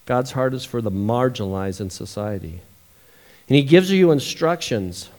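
A man's voice: mid-range voice, animated, moderate pace. Emotional male pastor preaching. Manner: emotional, swings between loud scripture reading and soft storytelling. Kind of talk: sermon.

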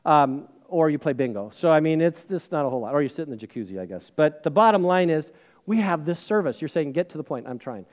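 A middle-aged male pastor preaching a sermon, telling a personal story in a chatty, self-deprecating way with plenty of fillers, and dropping to a hushed voice for serious moments. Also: a little high, lively intonation, fast talker, lo-fi sound.

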